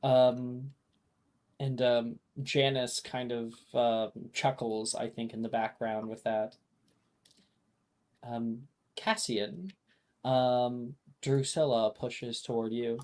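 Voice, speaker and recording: The game master narrating a tabletop game over a video call, with lots of pauses and fillers. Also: mid-range voice, level tone, a little mellow. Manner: unhurried, filler-heavy narration.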